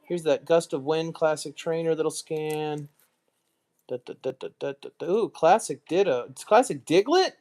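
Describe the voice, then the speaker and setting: A relaxed man hosting a casual live stream, mostly murmuring to himself as he works. Now and then he lifts his voice for a quick, joking aside to the viewers in chat. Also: fairly high pitch.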